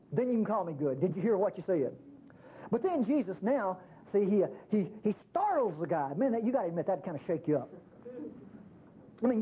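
Husky lively radio preacher man. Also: sits high. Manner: animated, conversational preaching with repeated "see". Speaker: pastor. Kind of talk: sermon. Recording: tinny phone-like radio broadcast.

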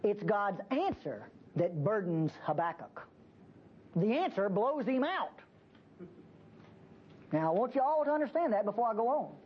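A woman's voice: mid-range voice, a little slow, pauses often, breathy edge. A woman teaching a Bible passage to a church group in a conversational way, acting out the prophet's pleas as she explains them. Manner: animated, acts out the prophet's pleas. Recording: dull lo-fi tape with faint hiss.

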